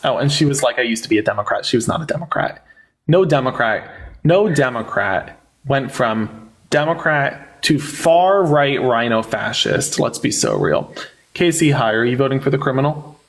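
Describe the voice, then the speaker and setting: A man's voice: mid-range voice, normal speed. A young man hosting a live online debate, mocking and sarcastic, often cutting his guests off. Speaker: livestream debate host.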